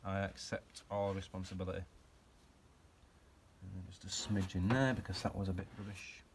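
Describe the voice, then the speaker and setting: A man's voice: deep voice, little pitch movement, moderate pace, a little hiss or hum. A man chatting casually while he works on a car in his garage, rambling and poking fun at himself. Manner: chatty, self-mocking, rambling asides while working. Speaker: hobby car restorer and channel host. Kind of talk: casual workshop vlog chat.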